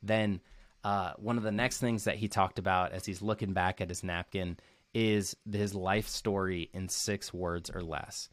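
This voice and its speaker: Earnest low-voiced man recapping. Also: fairly even intonation, measured pace, no room sound. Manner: earnest, frequent "like" fillers, repeats key phrases. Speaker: motivational speaker and coach. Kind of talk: casual recap to camera.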